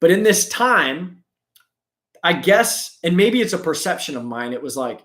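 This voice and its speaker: Animated man hosting a live stream. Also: fairly high pitch. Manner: animated, acts out quick impressions of sellers and customers. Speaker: host. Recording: echoey room.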